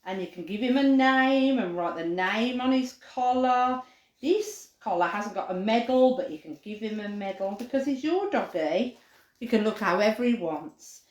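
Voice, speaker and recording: Lively woman teaching kids crafts. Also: on the high side, normal speed, echoey room. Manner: chatty, animated, says dog barks playfully. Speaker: children's craft presenter. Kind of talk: live craft demonstration for children.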